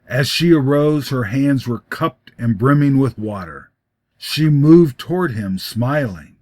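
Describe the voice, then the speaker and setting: A man reading a short story aloud in a measured, expressive way. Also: mid-range voice, no room sound. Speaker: story reader. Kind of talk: storybook narration.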